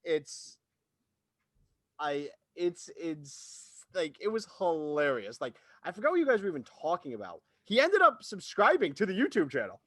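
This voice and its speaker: High-voiced man hosting a gaming podcast. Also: wildly swooping pitch, moderate pace, sharp tone, no echo. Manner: rambling, stop-start storytelling. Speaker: podcast host. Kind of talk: casual chat.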